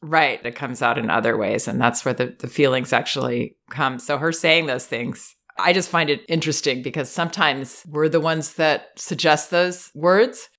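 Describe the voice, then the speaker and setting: A woman host giving parenting advice in a calm, measured, reassuring way. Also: low-pitched. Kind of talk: advice consultation.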